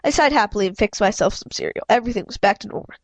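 A woman's voice: medium pitch, lively intonation, no echo, dull audio. A woman reading a children's novel aloud in first person, often stumbling and correcting herself. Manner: halting, frequent self-corrections. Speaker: reader.

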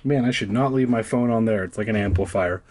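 A man's voice: lowish voice, a little fast, darkish tone, a little hiss or hum. A man reading a children's horror book aloud, breaking off for crude, sarcastic asides. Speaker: reader.

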